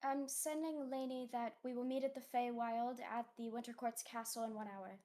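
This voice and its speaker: A woman speaks easily during a tabletop role-playing session, laying out her plan and apologizing often. Her voice sits slightly high. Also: fairly even intonation, normal speed, mellow. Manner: apologetic, easygoing. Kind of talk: casual tabletop game chat.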